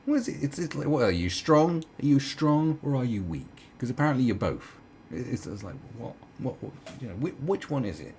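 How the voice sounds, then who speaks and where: A man's voice: medium pitch, very animated, brisk, darkish tone, slight background noise. A man delivering a heated, profane commentary rant, full of stumbles and restarts. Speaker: commentary vlogger. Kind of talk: ranting commentary.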